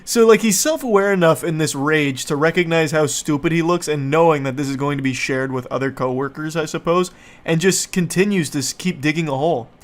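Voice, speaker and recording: A man hosting commentary who reads out text messages and mocks them with sarcastic, profane, deadpan humor. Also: on the high side, brisk. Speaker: host.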